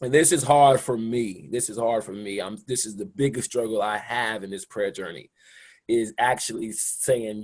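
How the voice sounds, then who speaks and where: A man's voice: fairly low pitch, moderate pace. A man giving an informal recorded spiritual lesson as a mentor, talking conversationally and often checking in with his listeners. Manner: conversational, checks in with "okay?", laughs lightly. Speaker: spiritual mentor teaching a course.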